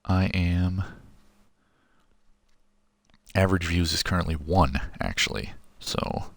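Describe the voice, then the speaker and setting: A man's voice: low-pitched, normal speed, vocal fry, dry recording. A man from in his thirties, streaming a zombie game and chatting loosely with viewers, often rambling and breaking off mid-thought. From Missouri, USA. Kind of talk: casual chat while gaming. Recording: game music and gunfire behind.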